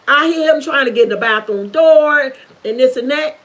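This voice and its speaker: High-voiced woman telling a painful story. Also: brisk, hardly any pauses, a bit bright, a little hiss or hum, low-quality recording. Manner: earnest, repetitive, intense storytelling. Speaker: vlogger. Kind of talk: emotional personal testimony to camera.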